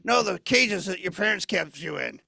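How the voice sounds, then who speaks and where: A man voicing a rude, insulting male orb in a comedy double act, delivering put-downs deadpan. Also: high voice, normal speed, creaky, breathy edge, no room sound, clean studio sound, heavily acted. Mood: mocking.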